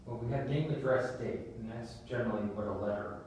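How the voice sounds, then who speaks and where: A man speaking in a measured, hesitant way during a casual group discussion. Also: a little mellow. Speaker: seminar participant. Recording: very echoey room, distant mic, faint rumble.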